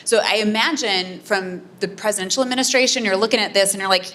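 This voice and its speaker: A woman's voice: mid-range voice, fast, hardly any pauses, bright, forceful tone. A woman political scientist answering audience questions at a community meeting, explaining earnestly with frequent "um" and "right?". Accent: American Midwestern. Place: community center meeting room.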